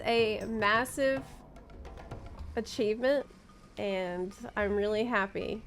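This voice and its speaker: A woman's voice: fairly high pitch, unhurried, pauses often, soft background music. A young adult woman streaming a game, chatting casually and musing aloud, easily delighted. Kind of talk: casual gaming stream chat.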